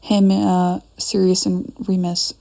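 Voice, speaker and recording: A young woman chats to her camera in a casual, rambling way, jumping between thoughts and arguing with herself. Her voice has a gravelly fry and a mellow, dark tone. She is recording in a dim room at home. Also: lowish voice, level tone, slow pace. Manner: chatty, scattered, talks to herself. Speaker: fan fiction vlogger.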